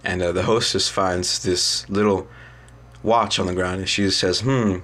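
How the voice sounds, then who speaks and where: A young man, a student, casually retelling a story in a halting way, full of ums and restarts. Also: low-pitched, level tone, bright, forceful tone. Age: young adult.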